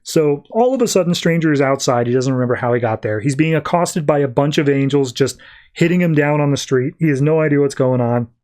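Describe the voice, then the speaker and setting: Guy on a podcast recapping comics, kinda high voice, chatty and loose. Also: darkish tone. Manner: retells scenes, acting out characters' lines in quick voices. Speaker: podcast host.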